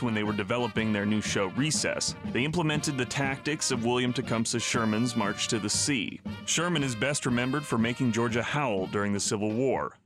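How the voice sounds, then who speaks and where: A man narrating a documentary in a measured, storytelling way. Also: medium pitch, fairly bright tone. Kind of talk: scripted narration. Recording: voice-over with music bed.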